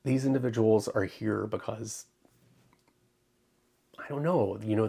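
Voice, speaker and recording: A man with a low, gravelly voice and a husky edge talks casually on his livestream. He is emotional and close to tears, stopping often with ums as he searches for words. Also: darkish tone. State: tearful. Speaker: crafting channel host.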